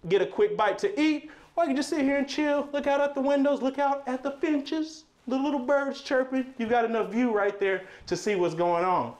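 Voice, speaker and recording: High-voiced upbeat salesman leading a tour. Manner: upbeat, playful sales patter with jokey asides. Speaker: sales host giving a home tour. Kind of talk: promotional walkthrough.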